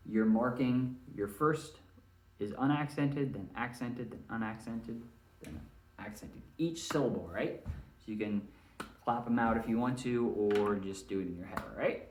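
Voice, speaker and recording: A man's voice: medium pitch, moderate pace, slight background noise. A man teaching a recorded lesson to students in a friendly way, often checking in with "all right?". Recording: roomy, mic at a distance.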